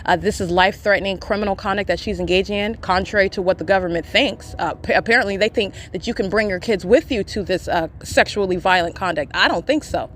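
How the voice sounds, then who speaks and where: A woman talks quickly and insistently into a handheld phone while she sits in the shade beside a street. Her voice sits at a middle pitch, and she scatters filler sounds all through her speech. Faint traffic noise runs underneath. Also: a bit bright. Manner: rapid, insistent talk with many filler sounds. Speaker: podcaster documenting in real time. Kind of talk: live self-recorded commentary. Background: passing traffic and plane engines.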